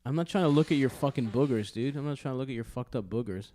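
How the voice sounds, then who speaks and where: A man co-hosting a comedy podcast in casual chat. He brushes topics off bluntly and swears freely. His pitch sits at an ordinary middle level. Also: fast, warm tone, a little hiss or hum. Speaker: podcast co-host.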